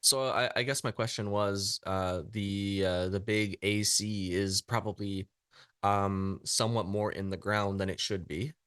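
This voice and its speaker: Brief: male player from Canada, smooth low voice, halting casual delivery. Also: steady tone, fairly bright tone, no room sound, clean studio sound. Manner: hesitant, many fillers before points. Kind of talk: casual tabletop game chat.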